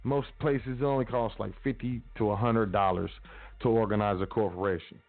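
A man's voice: on the low side, fairly even intonation, moderate pace, faint music behind. Man preaching casually over a tinny line. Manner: casual, preachy, repetitive urging. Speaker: podcast host. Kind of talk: motivational talk. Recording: tinny phone-like audio.

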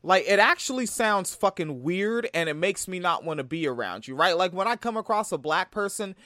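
A man's voice: high-pitched, lively intonation, moderate pace, bright, forceful tone, dry recording, clean studio sound. A man from Tacoma giving a profane, heated reaction commentary. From Tacoma, Washington. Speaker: video commentator.

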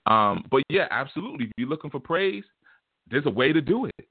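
A man hosting an online radio talk show, talking in an animated, emphatic way and repeating words as he starts his thoughts. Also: a little high, a little fast, husky, dry recording. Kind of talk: casual talk show monologue. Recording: dry, tinny phone line.

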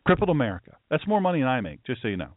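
A man's voice: medium pitch, very animated, very fast, no room sound. A man hosting a political talk show as a pastor, ranting emphatically and telling stories. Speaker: host, pastor. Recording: tinny phone-like line, dry.

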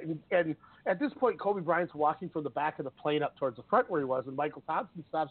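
A man with a fairly high voice hosts a casual sports talk show, rambling and emotional as he tells stories. He comes through a tinny, phone-like line with a dry sound. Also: quick pace, few pauses, breathy edge, no room sound. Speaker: sports radio host.

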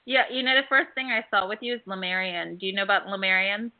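A woman hosting a call-in show about past-life healing, telling stories in a chatty, animated way with many fillers. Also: mid-range voice, fast. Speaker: host and past-life healer. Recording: phone-like narrow band.

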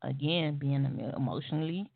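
A woman's voice: deep voice, fairly quick, gravelly, breathy edge, dry recording. A woman guest on a talk show, bluntly and profanely recounting a personal story with wry laughs. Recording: tinny phone-line audio.

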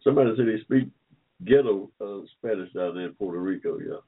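A man's voice: sits low, expressive, brisk, breathy edge. An older man hosting an online talk show, chatting casually and joking with listeners, rambling and repeating himself. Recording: phone-like line.

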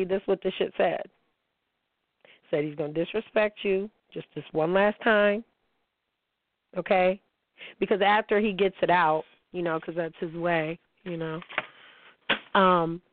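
A woman's voice: on the low side, fairly even intonation, moderate pace, long pauses, no room sound, phone-quality sound. A woman hosting a casual spiritual monologue, blunt and profane, talking straight to her listeners. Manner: blunt, profane and emphatic, often swearing; addresses listeners directly as y'all. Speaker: host.

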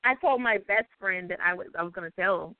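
A woman with a Southern US accent, chatting as a guest on a talk show and telling stories in an animated, drawling way. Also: mid-range voice, fairly quick, dry recording. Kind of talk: casual chat. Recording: dry, phone-like sound.

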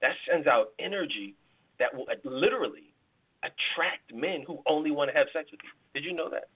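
A podcast host and life coach, a man with a husky, somewhat high voice, speaks animatedly and a little fast as he gives emphatic relationship advice, repeating words and leaning on analogies. It's a live podcast taping, and the audio sounds tinny, like it came through a phone.

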